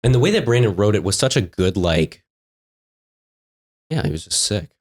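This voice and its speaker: A man co-hosting a casual book podcast, talking enthusiastically with quick, profane quips. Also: fairly low pitch, sing-song, darkish tone, slightly rough. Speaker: podcast co-host.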